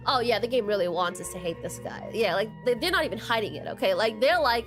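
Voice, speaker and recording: A woman streaming a dating sim, reacting to the story and chatting with viewers in an animated, swearing way. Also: fairly high pitch, fast, few pauses, faint music behind. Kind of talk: live game commentary reading a dating sim aloud.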